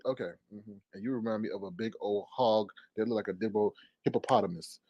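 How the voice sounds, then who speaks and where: A man doing a live commentary rant, fast-talking and sassy, slipping into mocking impressions. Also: fairly low pitch, sing-song. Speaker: commentary streamer.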